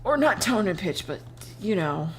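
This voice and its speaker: A young adult woman streamer chatting casually while she draws, telling animated stories, laughing often and swearing freely. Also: medium pitch, normal speed, a little hiss or hum. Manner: animated storytelling with voiced quotes.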